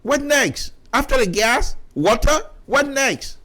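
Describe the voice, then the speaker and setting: A man's voice: very high-pitched, lively intonation, slow pace, sharp tone. A middle-aged man with a Liberian English accent giving impassioned political commentary on radio, repeating himself and stumbling over restarts. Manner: impassioned, repetitive, stammering restarts.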